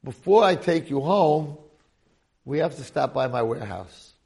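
A man voicing a commanding male demon chief in a told story, gravelly and pushy. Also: on the high side, lively intonation, a little slow, darkish tone, voice pushed up, exaggerated voice. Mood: insistent.

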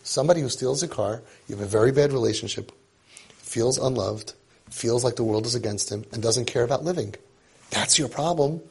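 A man's voice: medium pitch, brisk, creaky, darkish tone, husky. A man coaching parents in an informal lecture, emphatic and repetitive, who drops Hebrew and Yiddish terms into his talk. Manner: acts out parents and kids in quotes.

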